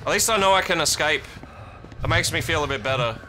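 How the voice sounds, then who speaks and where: A man streaming a horror game live, swearing a lot and yelling in panic between muttered asides. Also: a little high, expressive, fast talker, noisy background. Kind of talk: live horror gameplay commentary. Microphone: streaming mic.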